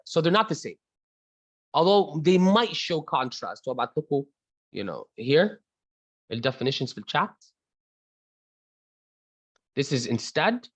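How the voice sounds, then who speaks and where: An Egyptian-accented man leads an online class in a chatty, loose way. He keeps dropping Arabic into his English and calls on students by name. His voice is mid-pitched and sounds dry and close, with no room echo. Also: animated, moderate pace, pauses often. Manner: switches between English and Arabic mid-sentence. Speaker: teacher.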